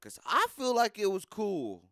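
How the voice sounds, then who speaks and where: A young man on a live stream, freestyle rapping and fussing over his audio, cursing and swinging between loud outbursts and low mutters. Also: huge pitch swings, a little slow, no room sound, clean studio sound. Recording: faint music behind voice. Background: beat music playing.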